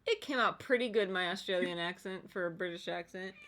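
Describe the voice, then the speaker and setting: A woman's voice: lowish voice, brisk, fairly bright tone. A woman co-hosting a home livestream, chatting casually and laughing often. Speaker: streamer co-host. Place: home while drawing on stream.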